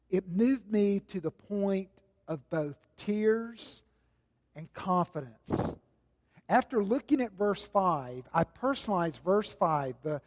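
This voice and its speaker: A man preaching a sermon with a slow, dramatic delivery that swings between loud passages and hushed ones. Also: sits high. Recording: long hall reverb.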